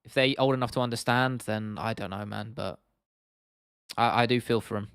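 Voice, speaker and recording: Here a man's lowish voice, fairly bright and clean with fairly even intonation, runs at a moderate pace as he hosts an MMA livestream. He chats casually and answers viewer comments in a rambling, sweary manner, with many restarts and fillers. Studio-quality audio, no echo.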